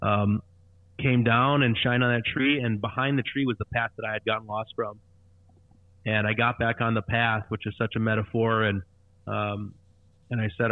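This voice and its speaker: A man's voice: mid-range voice, flat delivery, no room sound. A man in his thirties telling his conversion story earnestly, with frequent restarts. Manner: earnest, repetitive, halting restarts. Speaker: guest sharing conversion testimony. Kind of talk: personal testimony storytelling. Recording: tinny phone-like line, dry.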